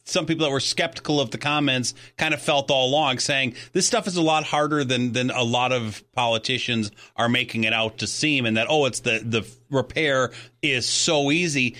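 Bright-voiced hesitant male co-host. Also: medium pitch, normal speed. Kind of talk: political talk radio.

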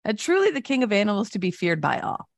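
A woman co-host tells stories in a loose, chatty way, slipping into voices for the people she quotes. Her pitch sits in the middle range and the sound is dry and close, with no room around it. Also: fast, gravelly, no room sound. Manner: animated storytelling with voiced quotes. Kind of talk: casual chat, reading news stories.

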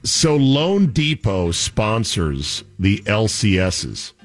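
A man's voice: on the low side, very animated, drawn-out words, soft background music. A man hosting a sports talk show, teasing his co-hosts in a casual, jokey way. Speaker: sports radio host.

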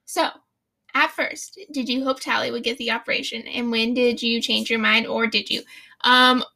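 A young woman co-hosts a loose, chatty book discussion, with a high voice and plenty of gravelly fry. Her tone is bright and sharp, and she swears and laughs freely as she recaps. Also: fairly even intonation, normal speed. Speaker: podcast co-host. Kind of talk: casual book-club chat.

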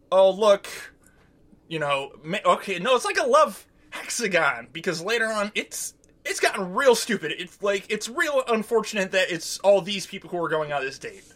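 Guy with a high bright voice, rambly and sweary, recapping a show. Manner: rambling, profane, acts out quotes in silly voices. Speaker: podcast co-host. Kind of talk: casual recap chat.

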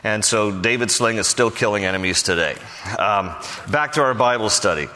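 A man's voice: lowish voice, moderate pace, pushed and bright, big-room sound. A man preaching a Bible study sermon in a conversational way, with frequent fillers and restarts. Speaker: pastor.

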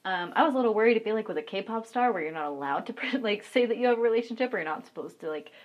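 A woman's voice: medium pitch, lively intonation, racing, dull audio. Young woman, casual storytelling, frank and chatty, filler-heavy talk. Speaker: online content creator.

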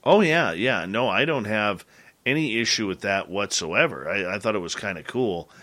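Low, bright-toned male podcast host. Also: animated. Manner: earnest storytelling with halting restarts. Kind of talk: casual interview chat.

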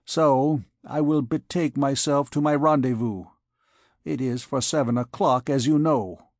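Brash young captain, quick to draw steel, gallant and boastful, put on by a male narrator. Dry audiobook sound. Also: medium pitch, a little mellow, dry recording, lightly acted. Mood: glib, polite.

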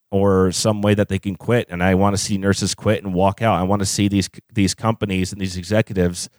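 Frank low-voiced man, dry sound. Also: darkish tone, no room sound. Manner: frank, swears freely, measured pace with filler ums. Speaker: nurse guest. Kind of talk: casual interview talk.

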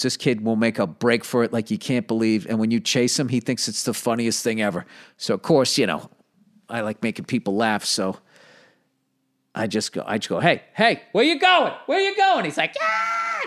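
A man's voice: mid-range voice, normal speed. A man hosting a solo podcast, rambling in a profane, jokey way about his life. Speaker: podcast host.

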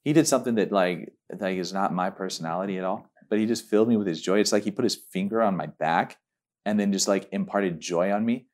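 Animated low-voiced man telling a story. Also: fast. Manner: animated, restarting often, giggly. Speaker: minister and guest. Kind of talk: casual testimony storytelling.

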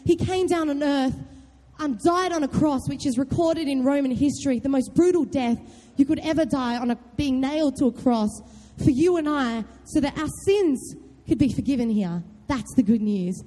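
A young woman giving a loud, chatty youth talk, often quizzing her audience. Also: high voice, normal speed. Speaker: youth group speaker. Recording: long hall reverb.

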